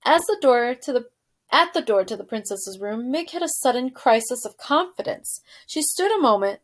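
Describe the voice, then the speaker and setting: Woman, teacher, reading aloud to a class, expressive, asks questions, fairly high voice. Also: normal speed. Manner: expressive narration with questions to students.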